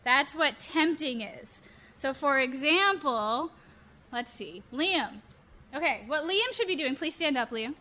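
Young woman youth pastor, high bright voice, playful sermon, acts stuff out. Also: a little slow. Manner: animated, playful, acts out examples.

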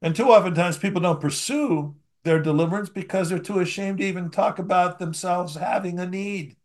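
A man with a slightly high-pitched voice delivers a sermon, reading scripture aloud and then unpacking it in plain, conversational talk. He swings between emphatic, raised bursts and soft, almost mumbled asides. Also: fairly quick, hardly any pauses. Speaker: preacher.

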